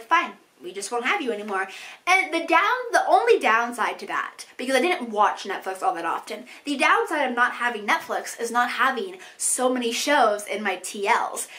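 A young woman chatting casually in a vlog about her language-learning goals, animated and playful with asides. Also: a little high.

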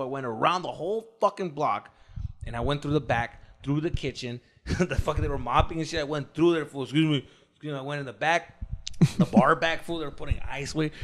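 A man with a Chicano English accent telling a wild story on a casual podcast, swearing a lot and loudly acting out what people said. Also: fairly high pitch. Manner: animated, swears a lot, acts out quotes loudly. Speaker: podcast co-host.

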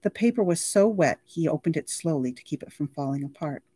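Low-voiced woman reading a novel. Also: animated, fairly quick, warm tone, slightly rough, no echo. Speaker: library reader.

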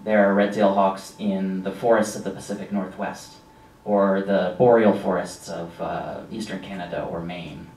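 A man giving a casual slideshow lecture about nature, relaxed and rambling with frequent ums and asides. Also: low voice, normal speed. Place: lecture room with an audience. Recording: echoey room from a distance.

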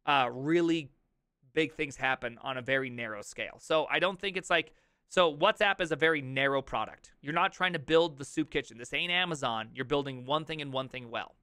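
A man in his thirties reacting to an article on a live stream, reading aloud and riffing with jokey, loud outbursts. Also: on the high side, clean tone, no room sound, studio quality. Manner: animated, jokey, reads aloud then riffs with loud outbursts.

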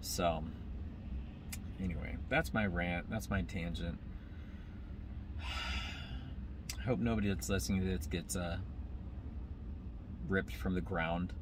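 A man's voice: sits low, slow, long pauses, background noise. A man comedian rambling through a comic rant, talking straight to his viewers from inside a moving car. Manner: animated, tangent-prone, talks straight to viewers.

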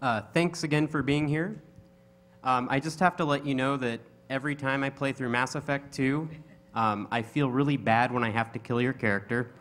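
A man's voice: medium pitch, steady tone, moderate pace, fairly bright tone. A man in the audience asks a convention guest a question, politely, with hesitant "um"s. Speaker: fan asking a question. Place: convention panel room.

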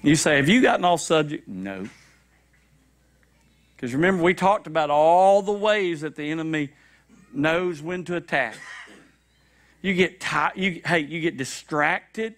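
A man preaching a sermon, animated and repetitive, with shouted high-pitched acted quotes, in a church. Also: measured pace, pauses often. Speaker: pastor. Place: church sanctuary.

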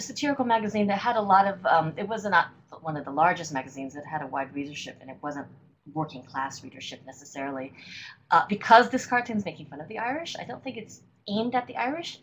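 A woman presenting a webinar lecture, explaining images at an unhurried pace with frequent ums and uhs. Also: lowish voice, animated, a little hiss or hum, low-quality recording. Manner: hesitant, many ums and uhs. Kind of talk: lecture on political cartoons.

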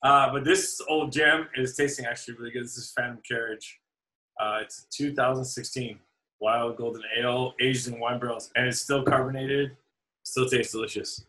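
A man's voice: mid-range voice, steady tone, moderate pace, sharp tone, rough recording. A man co-hosting a casual podcast over drinks, chatting loosely and laughing as he tells rambling stories. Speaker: podcast co-host.

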